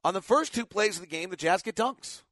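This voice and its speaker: A tired middle-aged man runs a casual sports talk show, rambling through his stories and stopping to correct himself. His voice sits a little higher than most men's. The recording is dry, with no room sound. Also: expressive, a little fast, fairly bright tone, no room sound. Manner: rambling storyteller, frequent self-corrections. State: tired after little sleep.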